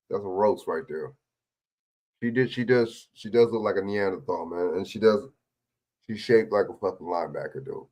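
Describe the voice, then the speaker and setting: Male streamer, low-ish voice, loose profane jokey reaction chatter. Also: normal speed, a little mellow. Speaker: livestream host reacting to clips. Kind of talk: casual reaction commentary.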